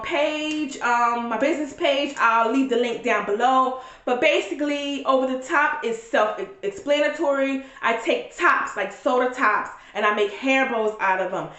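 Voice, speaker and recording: A woman's voice: a little high, pushed and bright, roomy sound. A woman talking straight to camera in a casual vlog, blunt and profane, full of strong opinions. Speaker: vlogger reviewing a reality show.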